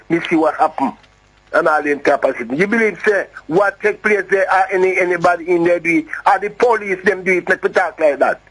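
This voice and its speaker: A man's voice: high voice, fairly bright tone, poor audio. A man with a Jamaican accent calling a radio show, talking in a rambling, heated way and repeating himself. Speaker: caller. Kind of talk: phone-in call.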